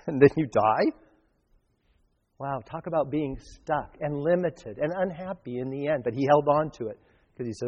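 A man's voice: medium pitch, brisk, darkish tone. A male pastor giving a sermon in a conversational, storytelling way, with frequent restarts. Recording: long reverb.

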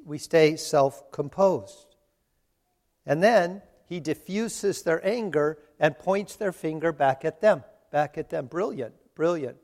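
A man's voice: a little high, darkish tone. Man preaching in a reverberant hall. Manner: conversational, slows down for emphasis, laughs at own asides. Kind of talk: sermon.

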